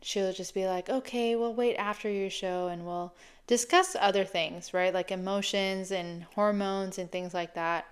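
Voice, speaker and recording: A woman in her late thirties, a fitness coach, talking casually and reflectively in a chatty, animated way. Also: mid-range voice, a little slow, clean tone. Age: 30s. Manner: chatty, animated, laughs often.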